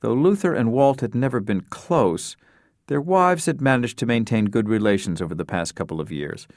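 Scripted audiobook narration comes from a man with a mid-range voice, told evenly and with measure. It's studio quality, with no room sound.

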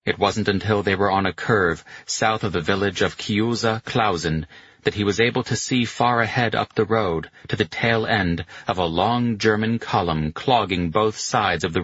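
A man narrates a novel in a steady, measured way. His voice is very deep and husky, with a forceful edge. The recording is dry and slightly muffled. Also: dry recording. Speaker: audiobook narrator. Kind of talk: scripted narration of a war novel.

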